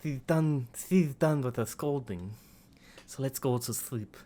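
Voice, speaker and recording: A man voicing a gentle teenage boy narrator with a lisp, reading haltingly with restarts. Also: medium pitch, lightly acted.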